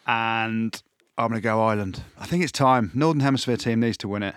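A man co-hosting a casual rugby podcast, talking in an animated, emphatic and jokey way. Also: lowish voice, a little fast, clear, resonant tone, dry recording, clean studio sound. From England. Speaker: podcast co-host. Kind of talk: casual sports chat.

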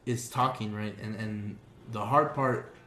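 A man's voice: on the low side, steady tone, a little slow, fairly bright tone. Laid-back man hosting, in a roomy echo. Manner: laid-back, says "bro" constantly. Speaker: podcast host. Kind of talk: casual chat.

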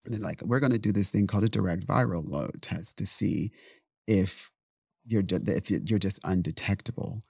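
A man's voice: low voice, moderate pace, gravelly, darkish tone, husky, no room sound, clean studio sound. A man as an interview guest, telling a personal story candidly and bluntly, with swearing and acted-out quotes. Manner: blunt, profane, rambling retelling with acted-out quotes.

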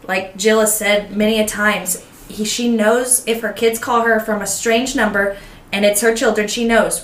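A woman's voice: mid-range voice, fairly bright tone, a little hiss or hum. A woman co-hosting a faith podcast, talking hesitantly with many fillers in casual chat. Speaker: podcast co-host. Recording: roomy echo.

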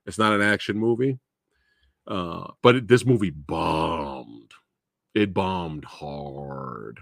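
A rather low-pitched man talks through a movie in a loose, rambling way, full of "uh" and asides. The sound is dry and close, with no room echo. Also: lively intonation, takes it slowly, gravelly, fairly bright tone. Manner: rambling and chatty, with fillers and laughs. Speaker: host of a movie talk show. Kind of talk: casual live movie review.

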